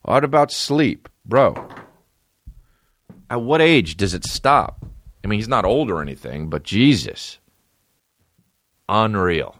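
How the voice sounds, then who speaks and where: A man's voice: on the low side, big pitch swings, slow, long pauses, fairly bright tone. A man in his thirties hosting a podcast, telling rambling, profane, self-deprecating stories in a casual comedic way. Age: 30s. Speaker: podcast host.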